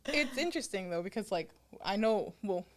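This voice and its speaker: A woman's voice: medium pitch, lively intonation, normal speed, a little hiss or hum. A woman co-hosting a podcast in casual chat, thinking aloud in a reflective way with lots of filler words. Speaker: podcast co-host.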